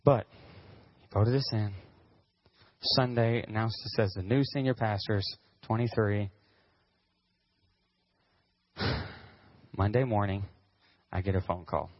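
A man pastor telling a personal story in a sermon, animated and acting out what people said. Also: fairly low pitch, a little slow, long pauses, dry recording, dull audio. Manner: animated, acts out quotes, whoops with excitement.

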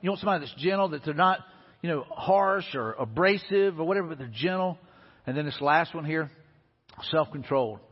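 A man's voice: a little high, fairly quick, breathy edge. A middle-aged man, preaching a sermon as pastor in a folksy, conversational way. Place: church sanctuary. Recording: dull lo-fi audio in a reverberant hall.

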